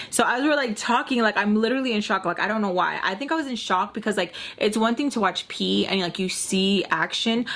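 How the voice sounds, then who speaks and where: A woman's voice: mid-range voice, fairly bright tone. A young woman vlogger casually telling a personal story, filling her talk with "like" and acting out what people said. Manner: chatty, heavy use of "like", acts out quotes in quick bursts.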